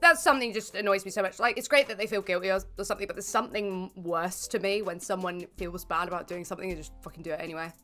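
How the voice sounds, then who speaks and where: A woman's voice: mid-range voice, fairly even intonation, quick pace, few pauses, a bit bright, soft background music. A woman guesting on a casual chat, exasperated and swearing freely. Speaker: guest YouTuber.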